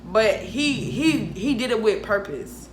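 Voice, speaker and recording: A woman in her twenties telling a storytime vlog, animated, frank and profane, laughing often. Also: medium pitch, a little slow, echoey room, music in the background. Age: 20s. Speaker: vlogger. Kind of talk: casual storytime monologue.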